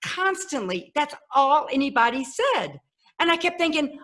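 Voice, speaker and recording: A woman in her fifties, a podcast guest telling her life story in a lively way and acting out the voices of people she quotes. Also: sits high, normal speed. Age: 50s. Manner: animated, acts out quoted voices. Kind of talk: personal storytelling.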